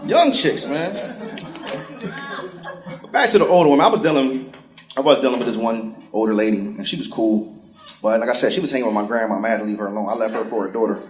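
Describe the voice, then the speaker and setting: A man's voice: mid-range voice, fast, pauses often, a little hiss or hum. A male stand-up comedian, telling profane, sarcastic stories and putting on voices. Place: comedy stage before a live crowd. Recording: roomy live venue with crowd laughter.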